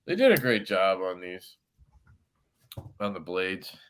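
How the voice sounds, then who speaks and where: A man's voice: deep voice, big pitch swings, slow pace, a bit bright. A man hosting a casual livestream chat, talking in a laid-back way with frequent fillers and casual swearing. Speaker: host of a knife livestream.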